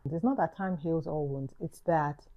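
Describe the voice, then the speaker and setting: A woman's voice: deep voice, normal speed, lo-fi sound. A woman with a London accent giving an earnest, reflective vlog monologue, repeating key phrases for emphasis. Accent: London English. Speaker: YouTuber.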